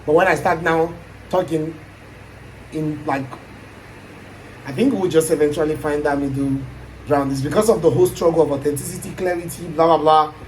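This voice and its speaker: A man's voice: on the high side, steady tone, normal speed, pauses often, a little hiss or hum, rough recording. Musing Nigerian man, casual talk. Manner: musing, thinking aloud with frequent trailing asides. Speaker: aspiring YouTuber. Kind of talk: casual reflective chat.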